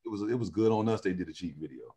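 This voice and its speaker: A man who sings in a vocal group, telling animated stories in a casual interview and often laughing. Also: deep voice, rapid-fire. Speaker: singer in a vocal group, guest.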